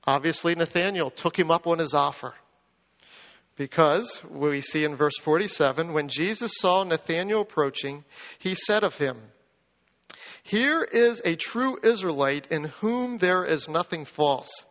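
A man preaching a sermon, animated, acting out the quoted lines in a rising voice. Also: on the high side, unhurried, long reverb tail, highs cut off. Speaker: pastor.

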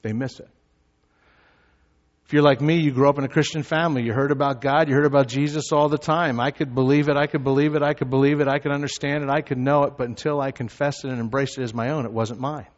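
Man preaching in a reverberant hall. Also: steady tone. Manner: builds from low, measured teaching to loud shouted emphasis. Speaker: pastor. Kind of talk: sermon. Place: church sanctuary. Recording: reverberant hall, slightly dull sound.

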